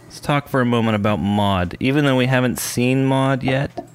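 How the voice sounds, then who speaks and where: A man's voice: mid-range voice, normal speed, clear, resonant tone. A man hosting a casual chat, cracking jokes and bantering with his guests. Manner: wisecracking, joking banter. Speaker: podcast host.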